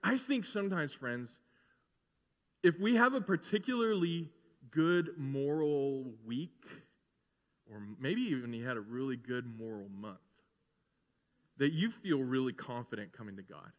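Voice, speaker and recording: A man's voice: mid-range voice, expressive, measured pace, long pauses, in a large hall, dull audio. A man preaching a sermon as pastor, reading scripture and then talking conversationally, acting out bits of dialogue. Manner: conversational preaching with playful acted-out voices.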